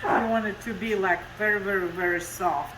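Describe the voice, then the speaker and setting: A woman's voice: mid-range voice, steady tone, moderate pace, fairly bright tone, roomy sound, a little hiss or hum, rough recording. Chatty Russian-accented woman cooking. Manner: chatty, explaining step by step with broken English. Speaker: cooking show host. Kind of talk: home cooking demonstration. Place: home kitchen.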